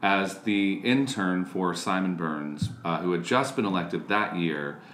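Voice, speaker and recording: A man with a low voice telling stories in a relaxed conversation, animated and lively in the telling. The room is echoey, with a faint hum of ambience behind him. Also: unhurried. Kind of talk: casual chat.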